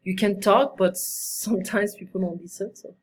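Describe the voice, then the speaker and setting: A woman's voice: medium pitch, steady tone, normal speed, slight background noise. A woman whose first language is French, answering in English as a student, hesitant and searching for words.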